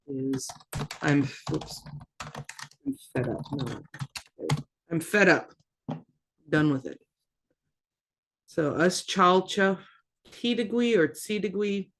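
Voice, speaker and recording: Slow, careful language teacher. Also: medium pitch, vocal fry. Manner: slow, careful repetition of words with casual asides. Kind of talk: casual online language lesson.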